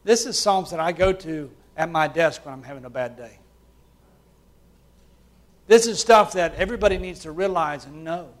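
A man preaching a sermon to his church, swinging between loud, fervent passages and quiet, hushed ones. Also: on the high side, moderate pace, pauses often. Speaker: pastor.

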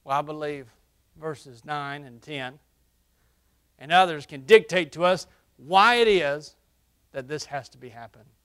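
A man preaching a sermon through a face mask, surging into loud, emphatic peaks and then dropping to hushed, low passages. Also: a little slow, long pauses, clear, resonant tone. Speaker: pastor. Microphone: wearing a face mask while preaching.

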